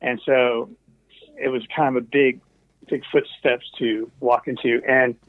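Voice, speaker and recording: A man's voice: mid-range voice, little pitch movement, unhurried, dry recording. A man tells stories in an easygoing, roundabout way, drifting into asides and restarting his sentences. His voice comes through a thin, phone-like call line. The sound is close and dry, with no room around it. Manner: meandering, full of asides and trailing restarts. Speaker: guest, recording engineer. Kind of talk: casual anecdotal storytelling.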